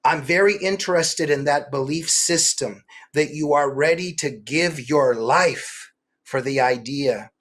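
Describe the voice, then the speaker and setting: A middle-aged man, an author interviewed as a guest, telling animated stories with many quick restarts. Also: fairly high pitch. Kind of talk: political interview.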